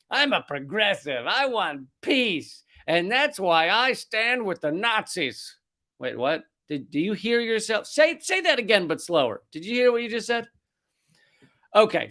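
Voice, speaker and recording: A man's voice: high-pitched, fairly bright tone. A man hosting a comedy news show, ranting with sarcasm, heat and plenty of swearing. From United States. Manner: profane, sarcastic, heated. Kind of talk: ranting satirical commentary.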